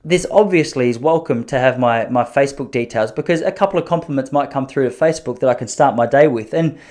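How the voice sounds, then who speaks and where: A man hosting a podcast, telling long self-mocking stories in an animated way, with frequent restarts. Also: medium pitch, fast. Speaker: podcast host. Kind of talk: storytelling podcast chat.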